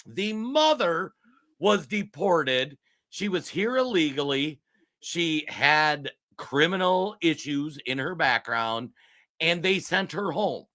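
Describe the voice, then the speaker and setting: Fired-up man, bright voice. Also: fairly high pitch, expressive, slow pace. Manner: heated, raising his voice, worked up. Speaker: co-host. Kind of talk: political commentary show. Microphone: streaming studio mic.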